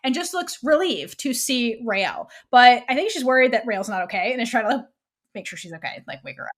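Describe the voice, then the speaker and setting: A woman co-hosting a fan podcast, retelling a TV episode in a casual, animated way and quoting the characters' lines. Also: on the high side, fast talker. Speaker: podcast co-host.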